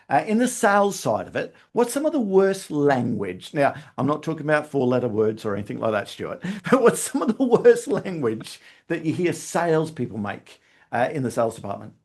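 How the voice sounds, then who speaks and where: Lively host asking questions. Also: male voice, on the high side, a little fast. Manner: asks lively questions, thinks aloud. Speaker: podcast host. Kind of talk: podcast conversation.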